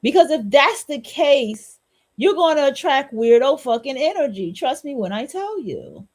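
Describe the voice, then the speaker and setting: A woman's voice: sits high, sing-song, measured pace. A woman hosting a solo podcast, talking in a blunt, repetitive, preachy and profane way. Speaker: podcast host.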